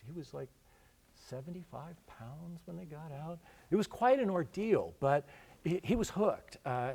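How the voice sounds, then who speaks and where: A man giving a talk, telling a long trip story with many pauses, fillers and restarts. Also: mid-range voice, darkish tone. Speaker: guest speaker. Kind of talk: storytelling lecture. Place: lecture hall.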